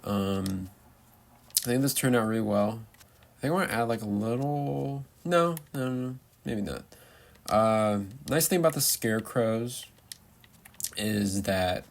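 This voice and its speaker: A young man chats his way through a tour of his game build, rambling and playful. His voice sits low with a gravelly fry. A faint hiss sits under the recording. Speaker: Minecraft builder. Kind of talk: casual gameplay commentary.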